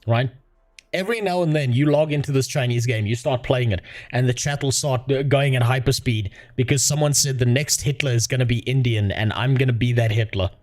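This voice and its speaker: A man's voice: medium pitch, fairly quick, darkish tone, faint music behind. Profane rambling male streamer. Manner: profane, rambling, laughs often. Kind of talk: casual livestream chat.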